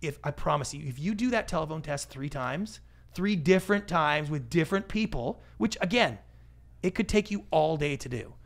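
A middle-aged man, a guest on an interview show, talking casually and acting out little quoted voices as he tells stories. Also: a little high. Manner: animated storyteller, acts out quoted voices, quick asides. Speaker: podcast guest, pitching expert.

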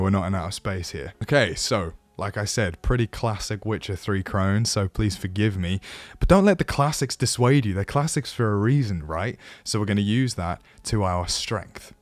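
A man's voice: on the low side, no room sound. A man hosting a casual voice-acting tutorial, chatty, enthusiastic and self-deprecating. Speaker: host of a voice-acting channel.

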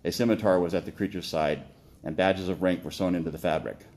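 Man, author reading aloud, low voice, steady with small slips. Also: brisk. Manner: steady reading with occasional slips and self-corrections. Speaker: author reading his own work.

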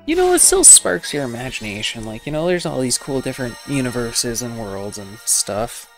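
Man, mid-pitched let's-play host; rambling, self-deprecating, faint game music behind. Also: big pitch swings, moderate pace. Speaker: gaming channel host. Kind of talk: casual let's play commentary.

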